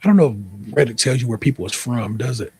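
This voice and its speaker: A man's voice: mid-range voice, fast, dark tone, husky, no room sound. A man with an American accent reading an online post aloud, then joking through profane commentary and spelling out the typos. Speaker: podcast host.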